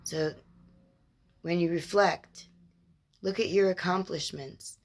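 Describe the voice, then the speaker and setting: A woman with a lowish voice gives a spiritual mentor's inspirational monologue. She talks very slowly and measuredly, stringing words into drawn-out lists. Her tone is gentle and reassuring. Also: fairly even intonation.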